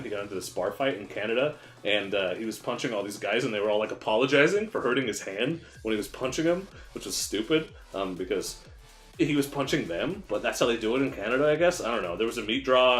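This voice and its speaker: Bright-voiced man riffing improv comedy. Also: lowish voice, reverberant. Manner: rambling, deadpan storytelling with pun punchlines. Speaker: streamer.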